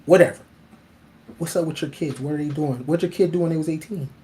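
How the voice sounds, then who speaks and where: A man's voice: on the high side, fast, warm tone, a little hiss or hum. A man hosting a casual monologue, talking bluntly and animatedly, swearing freely and laughing often. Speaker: host.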